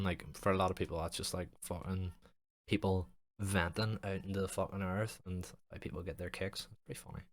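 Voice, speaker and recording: A young man hosting his own podcast with a very deep voice. He talks in long, loose, jokey rambles and swears almost every sentence. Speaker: podcast host and streamer. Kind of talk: casual podcast chat.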